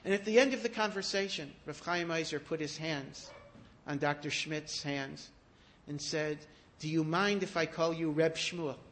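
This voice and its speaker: Guy with a high voice preaching, animated storyteller. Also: moderate pace. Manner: animated storyteller, rising to emphatic peaks. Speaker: rabbi giving a talk. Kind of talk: storytelling sermon.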